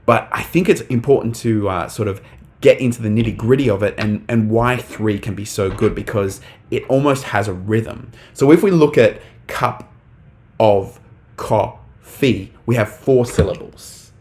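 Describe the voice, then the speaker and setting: Young male teacher, lowish pitch, relaxed live-stream delivery, frequent ums. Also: normal speed. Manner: casual, talks to chat, many fillers. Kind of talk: live online English lesson.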